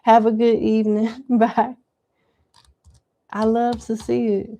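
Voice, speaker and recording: A woman's voice: a little high, little pitch movement, slow, warm tone. A woman giving live tarot question readings in a casual, slangy, chatty way. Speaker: tarot reader.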